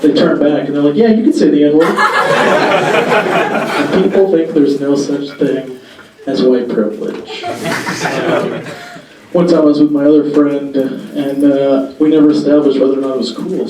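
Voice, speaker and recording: A young man performing stand-up comedy in a halting, deadpan way, with many pauses and fillers, on a club stage before a live audience. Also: a little high. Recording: echoey room, far mic, crowd laughter.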